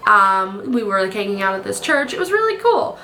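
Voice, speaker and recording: A woman's voice: mid-range voice, very animated, fairly quick, bright, forceful tone, slight background noise. A young woman narrating her travel vlog in a casual, rambling way, acting out what people said. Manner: chatty, rambling storytelling with quoted voices. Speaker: travel vlogger.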